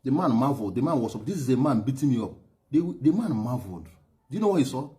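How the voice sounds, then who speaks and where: A man's voice: medium pitch, big pitch swings, fast, warm tone. A middle-aged Nigerian man with a Nigerian accent giving an emphatic, repetitive personal testimony as a former driver and aide. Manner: emphatic, repetitive, laughs heavily and stammers.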